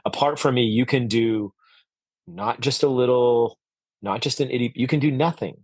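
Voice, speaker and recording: A man's voice: medium pitch, normal speed, a little mellow, breathy edge, dry recording. A man speaking as a podcast guest, earnest and reflective, with frequent fillers and restarts. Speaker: podcast guest, orchard owner. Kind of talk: conversational interview.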